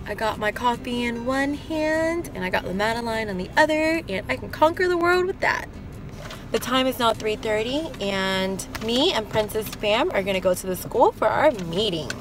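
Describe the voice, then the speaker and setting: A young woman with a husky voice, chatting excitedly to her viewers in a casual vlog. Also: fairly high pitch, background noise. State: husky, lowered voice while recovering. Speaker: vlogger.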